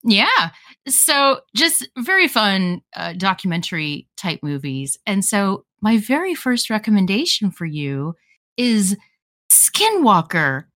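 A woman's voice: mid-range voice, big pitch swings, slow pace, fairly bright tone. A woman co-hosting a podcast, recommending documentaries in an enthusiastic, chatty way. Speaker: podcast co-host recommending films. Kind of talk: casual podcast chat.

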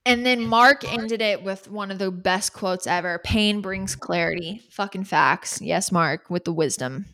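A woman's voice: mid-range voice, measured pace, a bit bright. A young woman co-hosting a podcast, chatting casually and candidly, swearing freely and peppering her talk with "like". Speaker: podcast co-host. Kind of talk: casual recap chat.

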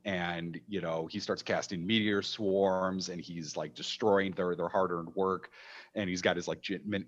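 A man with a deep, low voice tells a long anecdote about running a game for kids. He talks in an animated, emphatic way, full of fillers and restarts, as in a casual panel chat. The sound is somewhat dull and lo-fi. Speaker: game master telling a story.

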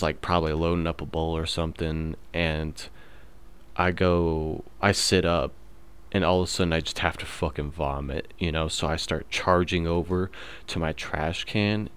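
A man's voice: low voice, steady tone, moderate pace, clean tone. A young man in his twenties, hosting his own podcast and telling stories in a laid-back, swear-heavy way, full of fillers. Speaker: podcast host. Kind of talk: casual storytelling monologue.

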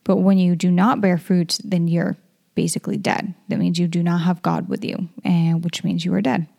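A woman's voice: fairly low pitch, little pitch movement, normal speed, gravelly, warm tone. A woman hosting a casual Bible study podcast, reading verses aloud and then explaining them in chatty, plain words. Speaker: podcast host reading scripture.

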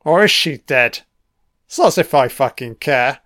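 A man's voice: mid-range voice, lively intonation, normal speed, bright, forceful tone, no echo, studio quality. A British man giving an audio commentary over a film, swearing constantly and heckling the characters on screen.

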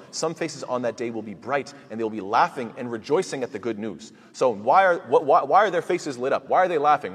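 Fast-talking husky man teaching scripture. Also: mid-range voice. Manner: poses rhetorical questions and answers them; quotes Arabic verses in quick recitation. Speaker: Quran teacher. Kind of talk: Quran commentary lecture. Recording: long reverb, echoey room.

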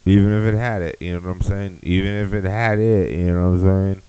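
Deep-voiced podcast guy ranting, crude and all over the place, dry sound. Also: steady tone, a little fast, dark tone, smooth, no room sound, muffled recording. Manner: crude, rambling, loose. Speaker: podcast host. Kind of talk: comedic rant.

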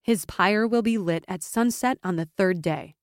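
A woman's voice: medium pitch, moderate pace, no echo, clean studio sound, close to an everyday voice. A woman voicing a proud young noblewoman who speaks in a firm, commanding, contemptuous way.

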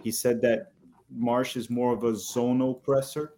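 A man at an average pitch speaking as a podcast guest. He explains his point step by step, with fillers and some stumbling repeats. The tone stays conversational. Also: little pitch movement, measured pace, dark tone, a little hiss or hum. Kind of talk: casual podcast chat.

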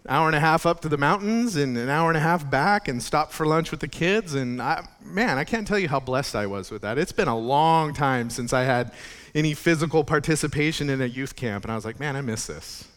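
A man's voice: fairly high pitch, animated, moderate pace, fairly bright tone, smooth. A male pastor preaching a conversational sermon, talking casually with frequent restarts and asides.

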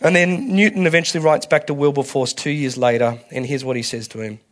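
A man preaching a conversational sermon, candid and colloquial, restarting phrases and swinging between soft and loud. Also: fairly high pitch, fairly quick, few pauses. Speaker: pastor.

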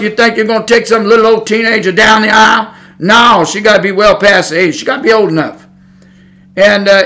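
A man's voice: sits high, pushed and bright. A middle-aged man preaching as a Pentecostal pastor, blunt and folksy, hammering home his points in a sermon.

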